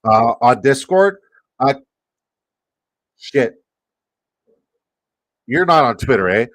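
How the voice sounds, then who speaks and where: A man's voice: mid-range voice, very animated, slow, fairly bright tone, no echo. A man with a Canadian accent, hosting a live fantasy football stream, rambling and swearing as he reacts to chat.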